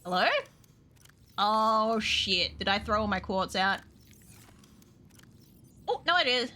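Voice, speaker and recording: A woman's voice: medium pitch, slow pace, sharp tone. A woman streaming a video game, chatting casually with viewers, swearing freely and laughing often. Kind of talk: casual gameplay stream chat.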